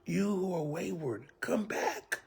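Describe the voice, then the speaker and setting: A man preaching a sermon as a church elder, telling it vividly and dropping often to a hushed whisper with pleading asides. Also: on the high side, lively intonation, slow pace, slightly rough.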